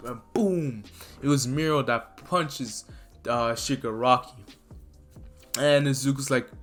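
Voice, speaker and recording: A man casually retelling a fan story, rambling excitedly and tripping over names. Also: medium pitch, unhurried, soft background music.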